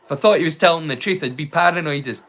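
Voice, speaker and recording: A man's voice: a little high, quick pace, fairly bright tone. A Scottish man hosting a live watch-along stream. He chats casually, rambling, swearing and poking fun at himself. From Scotland. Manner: rambling, sweary, self-mocking.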